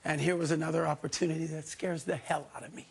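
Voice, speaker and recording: A man's voice: fairly high pitch, little pitch movement, fast, creaky, slightly rough. A man, an actor, chatting easily as a talk show guest. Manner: easygoing, playful, drawling. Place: TV studio.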